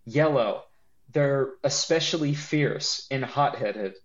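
A man's voice: medium pitch, slow. Guy cohosting a podcast, jokey and rambly, laughs a lot, kinda dull lo-fi sound. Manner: animated, joking, laughs often, rambling restarts. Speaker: podcast co-host. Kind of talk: casual chat.

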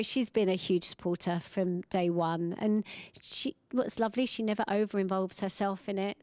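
A woman's voice: medium pitch, no echo. Chatty woman guest, dry close sound. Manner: chatty, warm storytelling, acts out quoted voices. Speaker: guest, singer. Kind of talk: casual interview chat.

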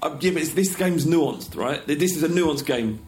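A man's voice: a little high, moderate pace, darkish tone, a little hiss or hum. A man co-hosting a football podcast, dry and playful as he runs the segments. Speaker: podcast co-host. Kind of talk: casual banter.

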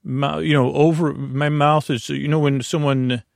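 A middle-aged man hosting a sleep podcast, talking in a meandering, self-interrupting, soft and lulling way with a creaky voice. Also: a little high, level tone, unhurried, no room sound, studio quality. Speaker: podcast host. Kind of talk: rambling sleep podcast monologue.

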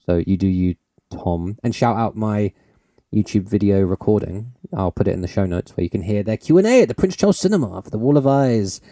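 A man co-hosting a podcast in casual chat, excitable and quick to laugh, swearing freely. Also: lowish voice, no room sound, studio quality. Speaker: podcast co-host.

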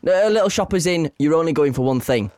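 Man telling a story with lively pitch. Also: fast talker, no room sound, clean studio sound. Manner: storytelling, mimics others in a high voice. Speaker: podcast co-host. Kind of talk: casual chat.

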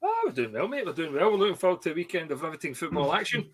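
A man's voice: fairly high pitch, big pitch swings, rapid-fire, breathy edge. A Scottish man hosting a casual football podcast over a video call, blunt and jokey. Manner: jokey, laughs often, blunt. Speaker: podcast host.

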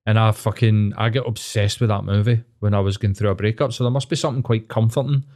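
A man's voice: on the low side, fairly even intonation, quick pace, darkish tone. Earnest Scottish man, casual chat. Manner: supportive, earnest, laughs often. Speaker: podcast co-host.

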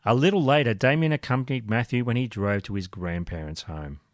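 A man's voice: mid-range voice, fairly quick, no echo, studio quality. A man co-hosting a true crime podcast, telling the story steadily with light jokes. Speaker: podcast co-host.

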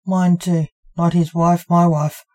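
Woman narrator doing a gruff, awkward dad guard, slow, mellow. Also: fairly low pitch, level tone. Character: older male guard, the hero's father, gruff and awkward.

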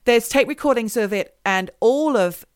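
A woman, co-hosting a podcast and telling a story in a casual, animated way. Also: on the high side, normal speed, clear, resonant tone, no echo, clean studio sound. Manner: animated storyteller, mimics voices. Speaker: podcast co-host.

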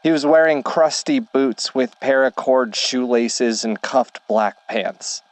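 A man narrating a horror story in a slow, measured way. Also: mid-range voice, no echo.

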